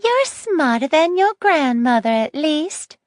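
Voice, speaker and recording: A woman's voice: high voice, very animated, slow, no room sound, clean studio sound, voice pushed up, exaggerated voice. A woman voicing a syrupy, spiteful old lady. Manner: syrupy sweet turning harsh and hissing.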